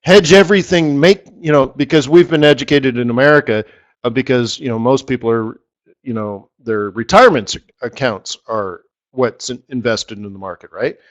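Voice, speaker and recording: A man's voice: medium pitch, moderate pace. A middle-aged man hosting a live forex strategy session, rambling and repeating words for emphasis. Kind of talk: live trading webinar talk.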